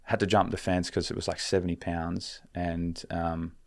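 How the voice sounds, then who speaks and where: Low, gravelly young man. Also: level tone, normal speed. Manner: rambling, laid-back, sprinkled with swearing and fillers. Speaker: podcast guest. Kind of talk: casual storytelling.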